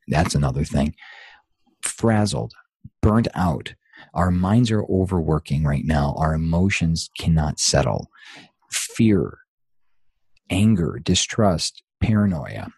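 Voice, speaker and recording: A man's voice: low voice, a little mellow, breathy edge, dry recording. A middle-aged man, a guest in an interview, speaking in an earnest, motivational way full of rhetorical questions. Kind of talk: conversational interview.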